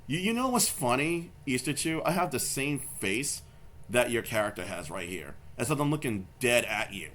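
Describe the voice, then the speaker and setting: A man's voice: mid-range voice, very animated, normal speed, a bit bright, slight background noise. A man doing angry reaction commentary, confrontational and swearing, repeating his points over and over. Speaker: YouTube commentator.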